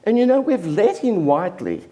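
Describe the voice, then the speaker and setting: A man voicing a cultured, condescending English gallery man in a high, posh voice. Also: sing-song, moderate pace, warm tone.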